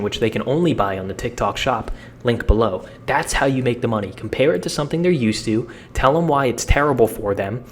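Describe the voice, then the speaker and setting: A young man giving a casual, energetic how-to talk as a social media coach, blunt and slangy with frequent repeats. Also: medium pitch, slight background noise.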